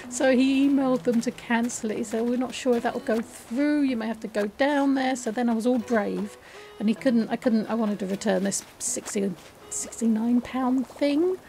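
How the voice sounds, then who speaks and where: A woman's voice: fairly high pitch, moderate pace, mellow. A woman hosting a let's play, telling a story in a chatty, rambling, self-deprecating way. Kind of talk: casual storytelling over gameplay.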